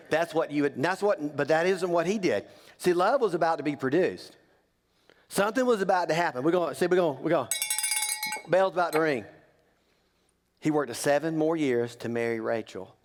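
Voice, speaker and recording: A man's voice: on the high side, fairly quick. A man preaching as a pastor, telling a story in a joking, conversational way and teasing the congregation. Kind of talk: humorous sermon storytelling. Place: church sanctuary. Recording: long reverb of a church hall.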